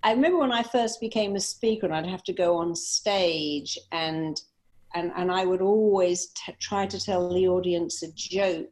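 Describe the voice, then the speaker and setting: A woman's voice: fairly low pitch, normal speed. Woman, middle-aged, chatty guest telling funny stories, laughs a lot. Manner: animated, anecdotal, laughing easily. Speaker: guest, therapist and speaker. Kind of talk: conversational storytelling.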